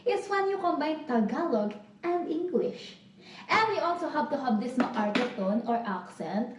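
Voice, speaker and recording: A young woman with a Filipino accent playing a rich, ditzy Manila socialite girl in a comedic tutorial video, talking in a dramatic, high-maintenance drawl. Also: sing-song, unhurried, noisy background. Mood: gushing. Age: young adult. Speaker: online video persona. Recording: roomy sound played from far off.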